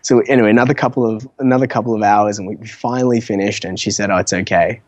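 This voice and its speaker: A young man chatting as a guest on an interview show, his voice sitting fairly low and recorded close and dry. He tells stories in a loose, animated way, full of fillers and restarts, laughing as he goes. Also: fast talker, no echo, highs cut off. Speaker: podcast guest, entrepreneur. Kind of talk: casual storytelling interview.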